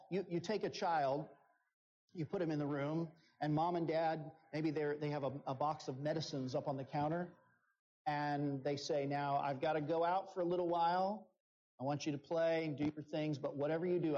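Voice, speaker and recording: A man preaching a sermon, slow and deliberate, rising in pitch on key phrases. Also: darkish tone. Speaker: pastor. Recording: dull, lo-fi sound.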